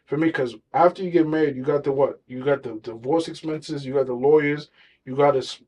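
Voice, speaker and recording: A podcast co-host making his case in casual chat, telling street stories along the way. His voice sits a little high for a man. He talks in loose slang and argues his points. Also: fairly quick, a little mellow, low-quality recording. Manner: storytelling, argumentative, slangy.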